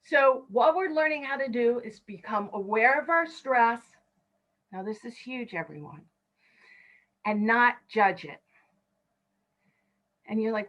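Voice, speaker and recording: Woman, fifties, upbeat instructor; bright, slightly high voice, coaching breathing, chatty asides. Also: animated, measured pace, long pauses, muffled recording. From California. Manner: encouraging, talks listeners through breathing counts. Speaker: stress management instructor. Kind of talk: online mini class.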